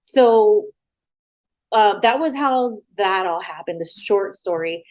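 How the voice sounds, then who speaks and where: A woman, a former wrestler, talking frankly as an interview guest, animated and full of quoted back-and-forth, sitting at a house. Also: medium pitch, unhurried. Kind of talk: casual storytelling interview.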